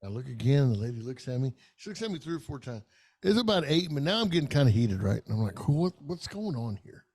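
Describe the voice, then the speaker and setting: A man's voice: medium pitch, big pitch swings, quick pace, darkish tone. A middle-aged man, telling a long, profane, rambling story in casual podcast chat. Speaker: podcast co-host.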